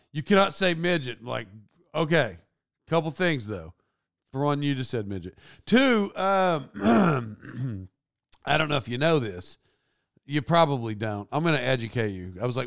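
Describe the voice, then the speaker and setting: A middle-aged man hosting a podcast, telling a rambling story in an animated way and often correcting himself. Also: medium pitch, a little slow, vocal fry, dry recording, clean studio sound. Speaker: podcast host. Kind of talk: casual storytelling.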